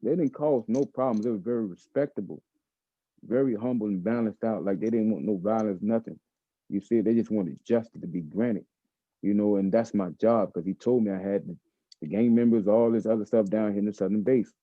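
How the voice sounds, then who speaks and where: American man, lowish voice, emphatic storyteller, repeats himself, dull dry lo-fi recording. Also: a little fast, dry recording. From United States. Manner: emphatic, repeats phrases, acts out quoted dialogue. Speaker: guest. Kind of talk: animated first-person storytelling.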